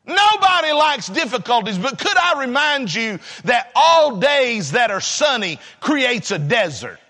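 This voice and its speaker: A man preaches a sermon in a high, bright voice. He moves deliberately, then surges into shouts before dropping to hushed, almost whispered passages. A long reverb hangs around him, as in a large hall. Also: big pitch swings. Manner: dramatic, swinging between shouting and hushed near-whispers.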